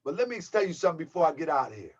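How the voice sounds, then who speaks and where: A man's voice: a little high, sing-song, rapid-fire, dull audio. Heated mocking man on a livestream. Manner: heated, mocking, addresses viewers as family. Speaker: channel host. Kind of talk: livestream rant.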